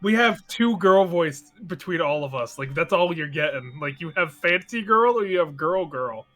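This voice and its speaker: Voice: medium pitch, lively intonation, moderate pace, a bit bright, faint music behind. A co-streamer chatting casually over a game, teasing and laughing. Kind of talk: casual gaming chat.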